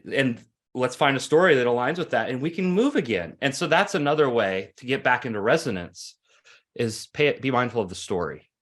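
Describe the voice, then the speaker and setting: A man in his forties speaking earnestly as a guest on an interview. He tells stories with animation, his pitch sitting in the middle range. He often restarts and repeats phrases as he works through a point. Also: expressive, normal speed, fairly bright tone. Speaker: guest, coach. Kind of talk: conversational interview storytelling.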